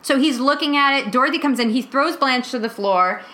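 A woman chats on a podcast, retelling a sitcom scene by scene. Her voice is bright and a little high. She slips into quick impressions of the characters as she goes. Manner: animated storyteller acting out characters' lines. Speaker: podcast host. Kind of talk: casual chat recapping a TV episode.

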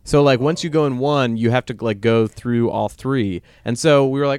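A man's voice: mid-range voice, moderate pace, few pauses, a little mellow, clear, resonant tone, dry recording, clean studio sound. A man guest on a podcast, telling stories animatedly and laughing often. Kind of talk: casual podcast chat.

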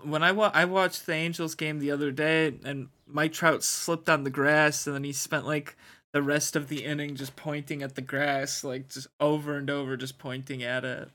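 A man's voice: a little high, level tone, normal speed, pushed and bright. A man from New Jersey co-hosting a casual sports chat, laid-back, stammering a little as he reads out news. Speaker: co-host.

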